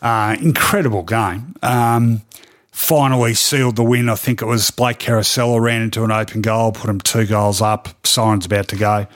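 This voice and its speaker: Australian man telling lively sports stories. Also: lowish voice, moderate pace. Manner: lively anecdotal, with frequent ums and laughs. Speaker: sports journalist guest. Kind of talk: animated storytelling in a podcast interview.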